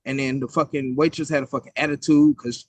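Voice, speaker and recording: A man's voice: medium pitch, level tone, a little fast, no room sound. Dry-voiced man telling a heated story. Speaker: podcast co-host. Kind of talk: casual chat.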